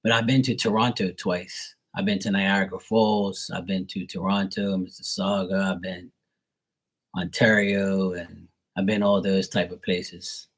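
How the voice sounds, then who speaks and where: A young Bermudian man with a mild accent reads tarot live, chatting casually and rambling with fillers and repeated words. His voice sits low and is slightly rough yet fairly bright, delivered flat and a little slow.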